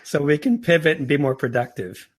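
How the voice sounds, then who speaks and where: A man's voice: fairly high pitch, big pitch swings, fairly quick, slightly rough. A man as a podcast guest, talking earnestly and telling anecdotes in a conversational interview. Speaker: podcast guest, entrepreneur and author.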